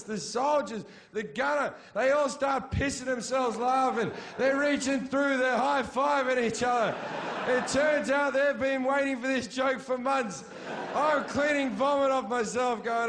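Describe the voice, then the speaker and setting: A middle-aged man doing stand-up, his voice pitched fairly high for a man. He tells a story in a crude, brash way and jumps into yelled quotes at the punchlines. A faint hiss sits under the stage mic. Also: unhurried, creaky. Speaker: stand-up comedian. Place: comedy stage before a laughing audience.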